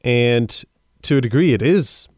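A man's voice: medium pitch, animated, measured pace, darkish tone, no room sound, clean studio sound. A man co-hosting a casual film review podcast, talking in a chatty way with frequent stammering restarts. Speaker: podcast co-host.

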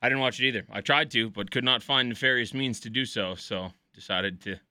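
A man's voice: medium pitch, brisk, bright, forceful tone, no room sound, clean studio sound. A man co-hosting a podcast in casual chat, laid-back and dryly sarcastic, swearing offhandedly. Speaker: podcast co-host.

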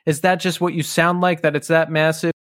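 A man hosts a podcast interview in a fairly high voice, recorded close and dry with no room sound. He asks questions with open enthusiasm, like a longtime fan. His delivery is casual and friendly. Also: little pitch movement, fairly quick, a bit bright, no room sound. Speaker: podcast host.

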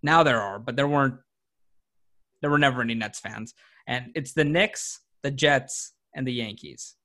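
A man's voice: medium pitch, sharp tone. Teasing young man co-hosting a sports podcast. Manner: teasing, rambling, quick jokes at his co-hosts. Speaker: podcast co-host. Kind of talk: casual sports chat.

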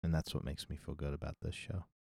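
A man co-hosting a podcast, animated and joking, laughing often as he chats. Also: very deep voice, fast talker, gravelly, no room sound, studio quality. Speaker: podcast co-host. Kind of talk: casual podcast chat.

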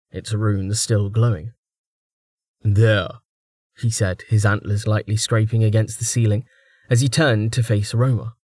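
Steady male audiobook narrator. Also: mid-range voice, no room sound, studio quality. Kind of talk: scripted narration.

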